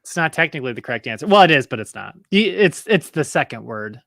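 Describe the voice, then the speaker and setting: Man, high bright voice, dry close sound, chatty trivia host. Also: very animated, gravelly, dry recording. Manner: chatty, laughing, reading questions slowly. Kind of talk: casual podcast chat.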